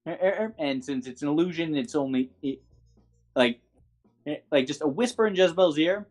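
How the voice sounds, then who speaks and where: Man playing a tabletop game, halting, stumbling, faint music behind. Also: fairly high pitch, darkish tone. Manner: halting, many fillers and restarts. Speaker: player.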